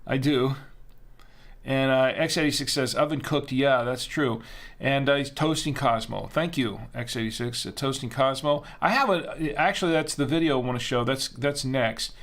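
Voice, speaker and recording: Gravelly-voiced man hosting a wine livestream. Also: mid-range voice, moderate pace, fairly bright tone. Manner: rambling, full of fillers and restarts, reads out viewer chat. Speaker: wine-tasting livestream host. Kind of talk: casual livestream chat.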